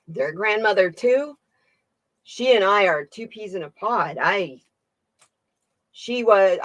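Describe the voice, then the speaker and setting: A woman with a voice on the low side hosts a casual live-stream tarot reading on her channel, chatting with viewers, laughing often and reading their comments aloud. There's no echo on the recording.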